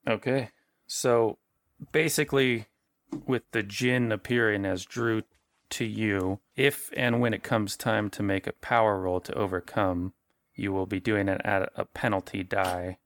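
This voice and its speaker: A man's voice: fairly low pitch, fairly even intonation, a little slow, dry recording. A man narrating as game master for a tabletop horror game, casual and rephrasing as he goes. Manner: conversational, restarts and rephrases.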